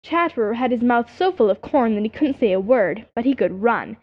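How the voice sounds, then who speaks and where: A woman narrating a children's animal story as an audiobook reader, in an expressive storytelling manner. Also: fairly high pitch, fairly quick. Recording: dull lo-fi audiobook recording.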